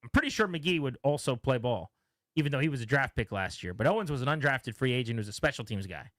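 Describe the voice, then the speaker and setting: A man's voice: mid-range voice, fast, no echo. A man hosting a sports radio show, telling stories about players and quoting them as he talks shop. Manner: animated storytelling, quotes players. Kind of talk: casual sports talk.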